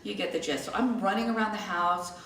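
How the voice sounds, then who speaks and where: A middle-aged woman telling a personal story to a live audience in a chatty, animated way, acting out the people in it. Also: medium pitch, fairly quick. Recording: echoey room, mic at a distance, faint noise.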